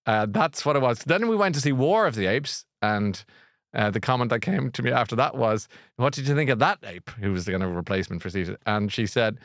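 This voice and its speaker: A man's voice: mid-range voice, a little fast, no room sound, clean studio sound. Chatty man hosting a book show. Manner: rambling, jokey, animated with fillers and restarts. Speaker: radio book show host. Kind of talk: casual chat.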